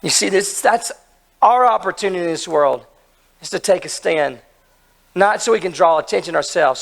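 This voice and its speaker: A hoarse man preaching an earnest, emphatic sermon, asking his listeners questions as he retells a story. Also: sits high. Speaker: pastor.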